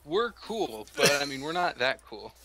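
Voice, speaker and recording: A man's voice: on the high side, sing-song, normal speed, bright, forceful tone, a little hiss or hum, poor audio. A man playing a tabletop game, wry and often laughing along. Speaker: player.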